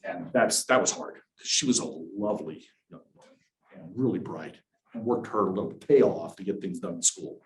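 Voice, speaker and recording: A middle-aged man directing a university accessibility office, giving a workshop presentation to an audience in a candid, conversational way with dry, dark humor. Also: sits low, normal speed, reverberant, low-quality recording.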